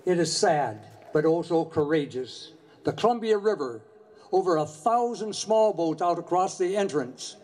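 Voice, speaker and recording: An older man giving an earnest, measured memorial speech, telling a story from his years commanding a Coast Guard station. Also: on the high side, animated, a little mellow.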